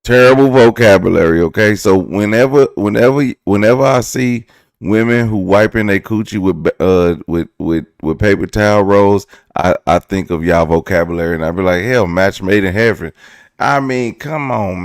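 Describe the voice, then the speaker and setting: A deep, gravelly-voiced young man tells a rambling story straight into a close mic in a dry room. He jokes loosely and slips into little impressions as he goes. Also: moderate pace, no room sound. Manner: loose and joking, breaks into laughs, mimics voices. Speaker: vlog host. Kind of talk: casual storytime commentary.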